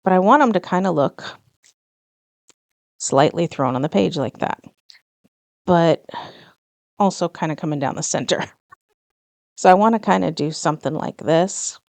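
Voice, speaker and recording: Low, gravelly-voiced woman chatting while crafting. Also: expressive, unhurried, long pauses, a little mellow, no echo. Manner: chatty, self-correcting, light laughs. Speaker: planner vlogger. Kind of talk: casual plan-with-me chat.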